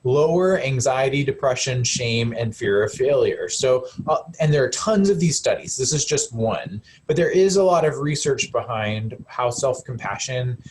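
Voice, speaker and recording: A man presenting a live self-compassion webinar as a counselor, speaking gently and conversationally with frequent fillers and restarts. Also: mid-range voice, expressive, normal speed, few pauses, a little hiss or hum.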